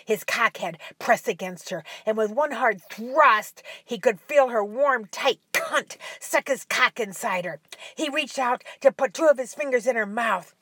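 Woman reading an adult audio story, slow and breathy, goes soft and whispery, really dry close sound. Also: on the high side, animated, no echo. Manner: soft, drops at times to a whisper. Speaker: narrator.

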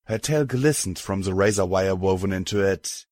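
A man narrating a storybook in a steady, measured way. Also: sits low, dry recording. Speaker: audiobook narrator. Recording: dry close mic, faint music.

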